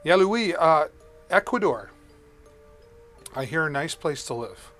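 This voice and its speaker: An upbeat man hosting a live shopping stream, with a slightly higher voice. He chats loosely with viewers as he demos gear, and soft music plays behind him. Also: expressive, takes it slowly. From Canada. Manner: upbeat, chatty, greets viewers by name. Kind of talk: live-stream product demo and viewer chat.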